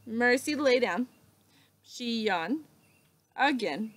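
A woman teacher reading a children's book aloud, slow and expressive with dramatic pauses. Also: a little high.

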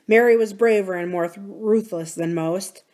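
A woman reading a novel aloud for a library series, in a measured, even storytelling manner. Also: medium pitch. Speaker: library reader.

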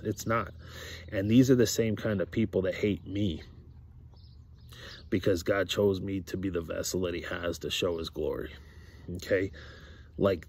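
A man's voice: low-pitched, a little mellow, slight background noise. A man talking casually to camera about faith, rambling with many fillers and repeated words. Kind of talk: casual religious monologue to camera.

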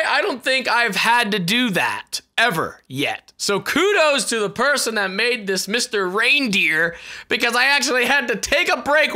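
A young woman giving live commentary on her gameplay, excitable and swearing often as she yells at the game. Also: a little high. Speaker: gaming video host.

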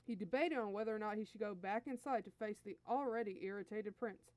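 A woman's voice: mid-range voice, a little fast, hardly any pauses, a little mellow, no echo. A woman host reading fan fiction aloud in an easygoing, friendly storytelling manner. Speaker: story reader, channel host.

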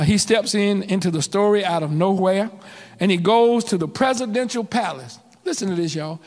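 A man preaching a sermon as pastor, calling out to his congregation in rising and falling waves. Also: high voice. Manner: call-and-response preaching, rising and dropping in waves. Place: church sanctuary. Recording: church hall reverb.

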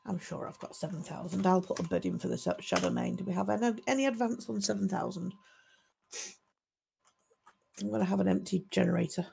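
Gravelly, husky woman auctioneer. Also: medium pitch, mellow. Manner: brisk, chatty, laughs easily. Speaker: auction host. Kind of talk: livestream auctioneering.

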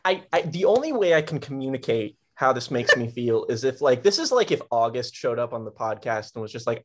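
A man's voice: mid-range voice, sing-song, a little fast, hardly any pauses. A man co-hosting a music podcast, trading dry jokes in casual chat. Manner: joking, dry banter. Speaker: podcast co-host.

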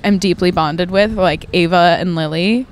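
A woman's voice: lowish voice, fairly even intonation, moderate pace, a little hiss or hum. A young woman in her twenties, a podcast guest chatting casually, who giggles and acts out the people in her stories. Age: 20s. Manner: giggly storyteller, acts out quotes. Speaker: guest, host's sister. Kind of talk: casual chat.

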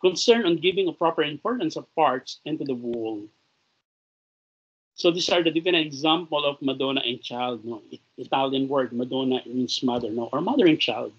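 A man's voice: mid-range voice, expressive, fairly quick, slightly rough. A man with a Filipino accent teaching a recorded lecture, switching between English and Tagalog and often ending phrases with a questioning "no?". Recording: dull lo-fi recording.

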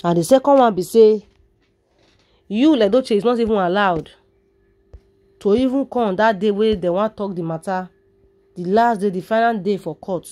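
A woman's voice: medium pitch, mellow. A woman with a Nigerian accent giving dramatic celebrity gossip commentary and calling out to her viewers. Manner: dramatic, addresses viewers directly, drawn-out sighs.

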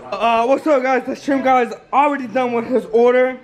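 A young man vlogging casually at a family party, slangy and excitable, tipsy, mixing in Spanish words. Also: extremely high pitch, a little fast, a crowd in the background. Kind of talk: casual vlog chat. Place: outdoors at a family party on a ranch.

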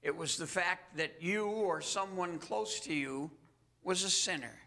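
Bright, high-voiced male pastor preaching. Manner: earnest storytelling, dramatic pauses. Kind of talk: sermon.

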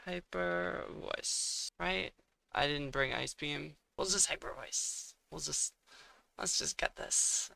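A young man talks himself through a match at an unhurried pace, his voice gravelly with fry. His tone is bright and smooth. He mutters his thinking aloud and breaks into exasperated outbursts now and then. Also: on the high side. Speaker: gaming streamer. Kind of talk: casual gameplay commentary.

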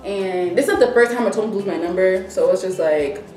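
Speaking fairly quickly in a mid-range voice, a young woman vlogger animatedly narrates a casual story and voices what everyone said. There's slight background noise, faint music, a distant mic and an echoey room.

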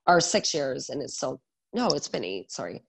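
A man in his thirties, a guest on an interview podcast, telling his story in an energetic, animated way with lots of filler words. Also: medium pitch, moderate pace, vocal fry, breathy edge. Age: 30s. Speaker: guest, salon owner and educator.

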